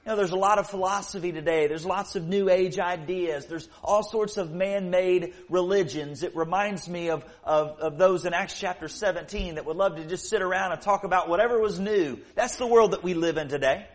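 A man with a fairly high voice delivers a sermon from the pulpit. His preaching is earnest, and he slows down and leans into each key phrase of scripture as he reads.

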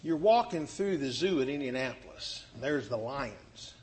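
A man's voice: mid-range voice, a little slow. A man preaching a sermon, telling Bible stories and acting out the quotes. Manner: animated, acts out scripture quotes.

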